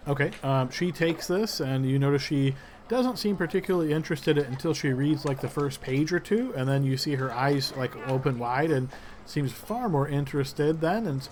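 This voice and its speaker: A man's voice: on the high side, moderate pace. Chatty male game master, noisy recording. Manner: relaxed, chatty, with many fillers. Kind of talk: narrating a tabletop game.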